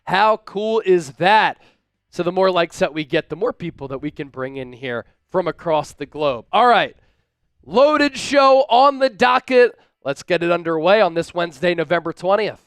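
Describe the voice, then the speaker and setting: An upbeat man runs a live-stream sports talk show from a studio, hyping up his viewers. His voice sits fairly high and comes through smooth and resonant. The sound is close and dry, with no room echo. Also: moderate pace. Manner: energetic, hypes up viewers with shout-outs.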